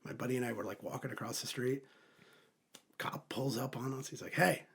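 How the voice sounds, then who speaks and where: A man from Philadelphia hosting a podcast, telling stories in a casual, animated way and swearing often. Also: medium pitch, fairly quick, creaky, husky. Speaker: podcast host. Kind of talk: casual chat.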